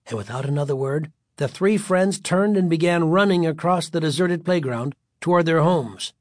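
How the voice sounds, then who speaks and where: A man narrating a children's storybook in a steady, expressive reading style. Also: a little high, normal speed, no room sound, studio quality.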